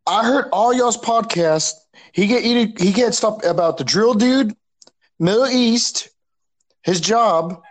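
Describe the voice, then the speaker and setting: A man's voice: sits high, takes it slowly. A man chatting casually with friends, teasing them and swearing freely. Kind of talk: casual chat among friends.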